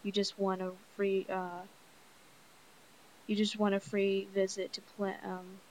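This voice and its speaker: A woman reading as a sassy goth teen girl from a novel, firing off mocking comebacks. The voice stays at a middling pitch, over a faint hiss. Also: monotone, unhurried, darkish tone, close to an everyday voice, rough recording.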